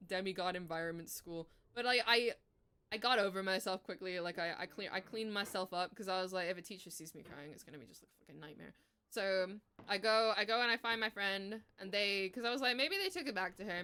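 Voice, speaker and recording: A woman in her twenties streaming live, telling a story in casual chat, animated, swearing freely and laughing as she goes. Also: mid-range voice, smooth.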